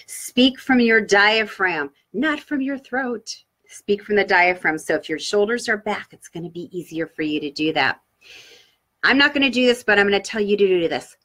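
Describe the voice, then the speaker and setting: A woman giving an upbeat live-streamed training talk on public speaking, coaching her viewers with lively inflection. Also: on the low side, normal speed. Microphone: webcam or laptop mic for a live stream.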